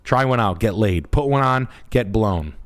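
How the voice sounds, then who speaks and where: A man's voice: lowish voice, expressive, moderate pace. A man hosting a livestream, talking in a brash, profane, rambling way. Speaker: realtor and livestream host. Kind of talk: crude casual stream chat.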